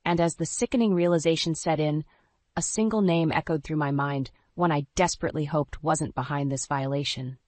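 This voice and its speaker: A woman narrating a scripted first-person story in a dramatic, even storytelling voice. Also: sits low, a little fast, no room sound.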